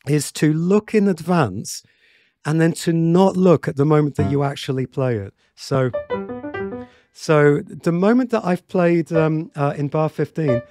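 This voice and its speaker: A man's voice: a little high, measured pace, warm tone, no room sound. A man teaching a piano tutorial in a chatty way, with many fillers and restarts, counting beats aloud.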